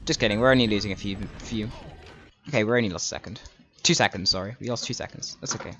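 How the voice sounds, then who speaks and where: Excitable British man streaming a game. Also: on the low side, fast talker, slight background noise. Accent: British English. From Britain. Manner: excitable, swears often, reacts loudly to mistakes. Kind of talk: casual live-stream commentary.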